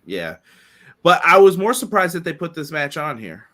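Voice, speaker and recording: A man hosting a casual podcast, upbeat and quick to laugh. His voice is bright and a little high, and it swings up and down a lot. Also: very animated. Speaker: podcast host. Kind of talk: casual chat.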